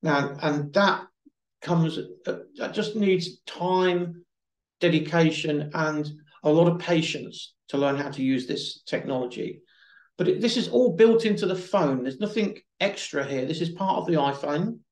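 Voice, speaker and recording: A man leads a webinar and talks people through phone accessibility features. His voice sits a little high and he speaks patiently, sometimes repeating a word before going on. The sound carries in a reverberant room. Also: a little slow. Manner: patient, explanatory, repeats himself at times. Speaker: webinar presenter. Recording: echoey room.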